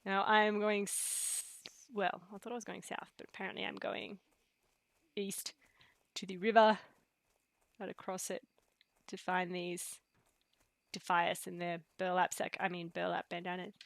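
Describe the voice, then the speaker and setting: A woman chatting casually on a live game stream, rambling with many fillers and dropping into soft asides. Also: medium pitch, level tone, unhurried, creaky, pauses often, no room sound. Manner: rambling, chatty, full of fillers and pop-culture quotes. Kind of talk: casual live-stream chat while gaming.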